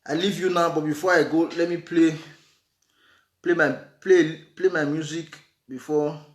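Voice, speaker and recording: High-voiced Nigerian man preaching advice. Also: steady tone, moderate pace. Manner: earnest, repetitive, mixes in Nigerian Pidgin, breaks into laughter. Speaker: vlogger giving relationship advice. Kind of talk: casual preachy monologue. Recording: echoey room.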